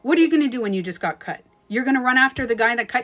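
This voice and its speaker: Woman coach on a live stream, kinda high voice, super emphatic, swears a bit, faint music behind. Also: lively intonation, rapid-fire, hardly any pauses, a bit bright. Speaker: relationship coach. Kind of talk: live-stream advice talk.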